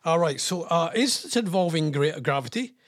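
A man's voice: a little high, animated, normal speed, no echo, clean studio sound. A man hosting a radio show, chatting casually in a rambling, self-deprecating way. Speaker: radio host.

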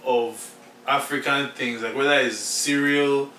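A young Nigerian man with a Nigerian accent, co-hosting a podcast in animated casual chat, often restarting his sentences. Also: mid-range voice, unhurried. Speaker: podcast co-host. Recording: echoey room, a little far from the mic, faint noise.

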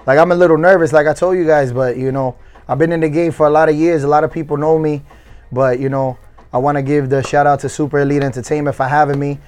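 A confident man from Connecticut talks about his DJ career in a casual interview. His voice sits slightly high, and he slides between English and Spanish. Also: steady tone, quick pace, a little mellow. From Stamford, Connecticut. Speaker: guest DJ.

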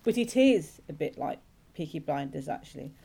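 A woman who teaches creative writing, telling a story as a radio guest, lively and often laughing. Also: low voice, normal speed, vocal fry, breathy edge. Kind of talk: casual radio interview.

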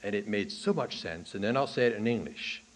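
A man preaching a sermon to a congregation in a church. He swings from hushed, low lines to loud, high bursts on key points and asks the listeners questions. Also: lively intonation, fairly quick. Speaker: pastor. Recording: archival sermon recording.

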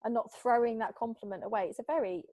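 A woman from Britain, a hypnotherapist guest in an interview, talking in a chatty, lively way and acting out little exchanges. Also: on the high side, fast, no room sound. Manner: chatty, animated, acts out little quoted exchanges. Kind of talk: casual interview talk.

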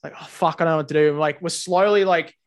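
Sweary, animated Australian man. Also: on the high side, quick pace. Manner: swears a lot, animated storytelling. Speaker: podcast host. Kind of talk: casual podcast chat.

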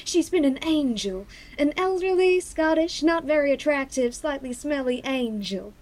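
A woman doing a brassy high American bombshell. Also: expressive, moderate pace, darkish tone. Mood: sassy. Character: brassy young American widow-to-be. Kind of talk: comedy audio drama acting.

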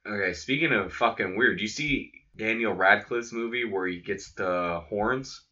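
A man's voice: lowish voice, unhurried, bright, forceful tone. A young man chatting casually about movies, joking and swearing a lot. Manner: profane, joking, acts out quotes. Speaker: podcast co-host. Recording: dull lo-fi sound.

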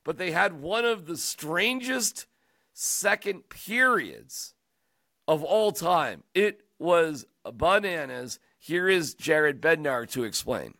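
A man hosting a sports talk show, chatting casually and joking around in an animated, rambling way. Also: a little high, slow, dry recording, studio quality. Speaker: sports radio host.

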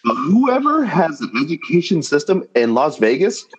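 A man's voice: moderate pace, slightly rough, muffled recording. A man co-hosting a casual chat, telling an exasperated story with incredulous outbursts. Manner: exasperated, animated ranting with incredulous high-pitched jumps. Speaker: podcast co-host.

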